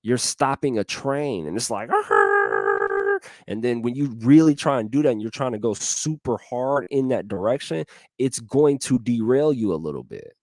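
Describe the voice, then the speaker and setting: A man of medium pitch hosts a casual motivational talk with lively intonation at a moderate pace, his tone mellow. Earnest and repetitive, he fires off rhetorical questions and addresses listeners directly in a folksy way, in dry, studio-quality sound.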